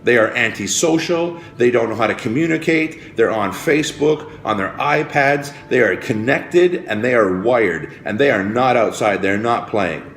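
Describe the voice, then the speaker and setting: A man giving a preachy, repetitive motivational speech about health, swinging from hushed, grave passages to rousing calls to change. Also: medium pitch, animated, normal speed, hardly any pauses, slight background noise. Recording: roomy with faint music behind.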